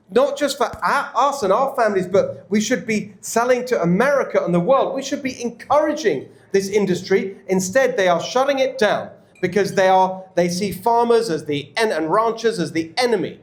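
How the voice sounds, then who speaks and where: A man with an English accent answering audience questions at a campaign event, emphatic and energetic. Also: high voice. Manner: emphatic and energetic, quick restarts. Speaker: political candidate speaking at a club event. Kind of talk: campaign Q&A speech. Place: indoor event room with an audience. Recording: echoey room.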